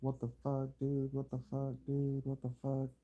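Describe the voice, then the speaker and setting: A man's voice: mid-range voice, monotone, normal speed, narrow, tinny audio, soft background music. A man chatting casually while he streams a video game, rambling and swearing with bursts of laughter. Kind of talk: casual gameplay stream chat.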